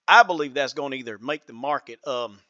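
A man's voice: medium pitch, a little fast, sharp tone, no room sound, muffled recording, natural voice. A man voicing a folksy, self-assured Southern market trader, with a put-on Southern US accent and a drawling way of talking. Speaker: trading analyst. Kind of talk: chart analysis in character.

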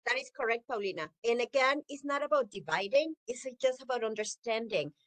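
A woman teacher lectures a class over a video call, acting out examples in a high voice and laughing often. The sound is close and dry, with no room around her. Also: lively intonation, brisk, fairly bright tone, dry recording, poor audio. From Mexico.

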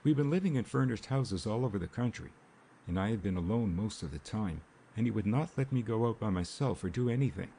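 A man's voice: fairly low pitch, animated, fairly quick, mellow, a little hiss or hum. A man voicing a timid, frightened young wife. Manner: timid, faltering.

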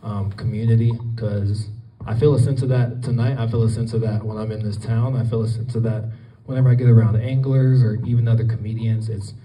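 A guest speaker from Colorado gives a casual, rambling talk to an audience in an event hall, full of fillers and restarts. His fairly low, mellow voice is fairly quick with fairly even intonation, and the recording sounds distant and roomy.

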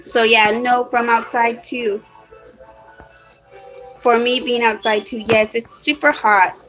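Bright-voiced woman rambling apologetically. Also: a little high, fairly even intonation, takes it slowly, soft background music, low-quality recording. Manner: apologetic, rambling, many ums and restarts. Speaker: vlogger. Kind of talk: casual live-stream haul chat. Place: at home, hot room. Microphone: phone or webcam.

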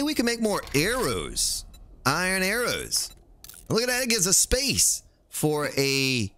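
A man's voice: mid-range voice, a bit bright. A man streaming a survival game, chatting playfully with his viewers and joking as he plays. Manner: playful, jokey, talks to chat and the game. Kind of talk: casual gameplay commentary.

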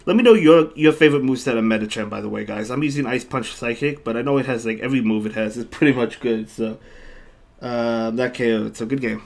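A man's voice: medium pitch, quick pace, vocal fry, a little mellow. A man commentating his own online battles on a live stream, chatting with viewers between moves and often repeating himself. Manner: chatty, reads chat aloud, thanks viewers, repeats himself. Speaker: game streamer.

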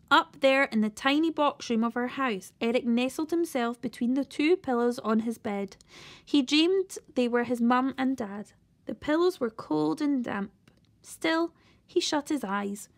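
A woman reading a children's novel aloud, steady, with the odd slip and restart. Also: high voice. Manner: steady read-aloud with occasional slips and restarts. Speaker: storyteller reading a children's book.

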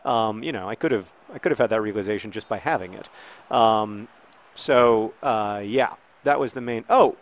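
A man in his thirties hosting a video, talking casually and haltingly with many fillers and restarts while playing a football game, now and then breaking into excited outcries. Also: fairly low pitch, no room sound. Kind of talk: casual talk over gameplay.

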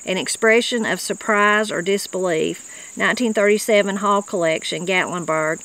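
On a low-quality recording, a woman with an Appalachian accent from western North Carolina chats casually as host, explaining regional words and sometimes reading dictionary entries aloud. Her voice is medium-pitched and fairly bright, at a normal speed, and her manner is folksy and conversational.

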